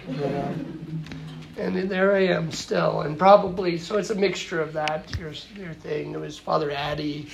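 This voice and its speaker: A male priest speaks in an interview in a gravelly, creaky voice, stopping and restarting his sentences often. The recording carries a clear layer of background noise. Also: fairly high pitch, steady tone. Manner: halting, many fillers and restarts. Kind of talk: interview conversation.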